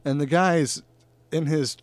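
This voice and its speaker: Speaking slowly in a clean, high-leaning voice with no room sound, this podcast host from northern California keeps things casual. He's profane, laughs often, and tells his stories with lots of energy.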